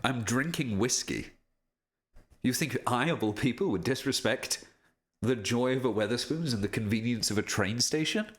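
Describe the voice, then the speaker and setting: Lively, playful man chatting on a live stream. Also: medium pitch, normal speed. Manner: chatty, jokey, reads chat aloud, self-deprecating. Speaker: voice actor streaming a signing. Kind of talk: casual live-stream chat. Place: home room with lamps and streaming setup.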